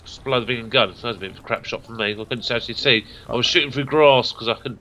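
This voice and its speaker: A man's voice: mid-range voice, quick pace, bright, forceful tone, dull audio, a little hiss or hum. A man chatting casually with his squadmate during a game, easygoing banter. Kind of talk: casual gaming chat.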